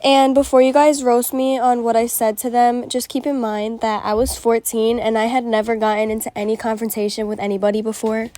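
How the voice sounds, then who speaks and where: A woman's voice: a little high, little pitch movement, brisk, few pauses, mellow, no room sound. A young woman casually telling a personal story, frank and chatty, with lots of fillers and swearing.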